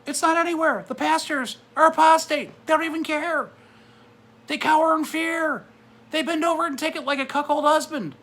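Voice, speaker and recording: A man's voice: extremely high pitch, steady tone, moderate pace, sharp tone, pitched above the performer's own voice, full character voice. A man voicing an exasperated male God who scolds in a fed-up way. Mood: scolding.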